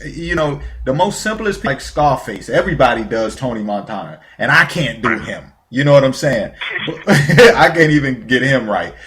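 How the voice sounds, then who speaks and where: Male host, chatty, laughs easily, relaxed interview manner. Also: mid-range voice. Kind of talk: casual interview.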